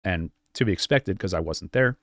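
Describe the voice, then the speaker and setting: Low-voiced man coaching gameplay live. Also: lively intonation, moderate pace, a bit bright. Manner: direct, repeats points, many fillers. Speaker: game coach.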